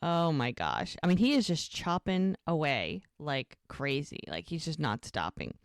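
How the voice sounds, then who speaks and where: A woman co-hosting a podcast, telling an episode's story in a casual, animated way and quoting the characters. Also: low voice, measured pace, dry recording, studio quality. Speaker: podcast co-host.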